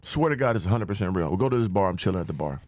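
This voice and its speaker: A fast-talking man spins a story in loose, profane slang, his pitch leaping around as he acts out every line of dialogue. The sound is close and dry. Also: dry recording. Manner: animated, acts out quoted dialogue in a raised voice. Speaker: podcast guest. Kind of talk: casual storytelling.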